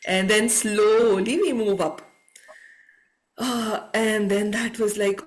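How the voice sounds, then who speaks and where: A woman's voice: mid-range voice, unhurried. A woman telling a personal story on a video call, acting out her own thoughts.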